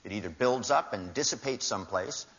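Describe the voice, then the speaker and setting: A man's voice: lively intonation, brisk, a bit bright. Wry older man telling stories on stage. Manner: anecdotal and wry, acting out dialogue with shifting pitch. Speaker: seminar speaker. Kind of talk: storytelling talk to a live audience. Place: large hall with audience. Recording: dull lo-fi live talk recording.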